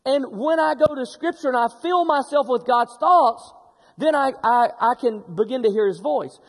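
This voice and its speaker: A middle-aged man preaching a sermon, telling stories in an animated way with frequent restarts. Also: very high-pitched, moderate pace, long reverb tail. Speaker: pastor.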